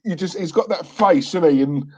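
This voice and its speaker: A man's voice: on the high side, normal speed, a little mellow, husky, lo-fi sound. A man co-hosting a live stream, chatting casually and laughing often. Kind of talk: casual chat.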